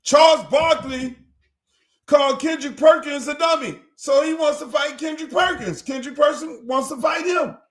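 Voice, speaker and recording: An older man hosting a profane, animated commentary monologue, acting out other people's voices as he tells the story. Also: very high-pitched, moderate pace, raised voice. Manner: animated, acts out others' voices, heavy cursing. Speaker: host.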